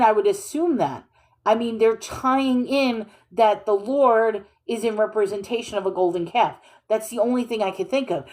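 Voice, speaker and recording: A woman's voice: medium pitch, a little mellow. A woman reading scripture aloud and discussing it in a questioning, informal, think-aloud way. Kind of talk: casual bible reading and commentary.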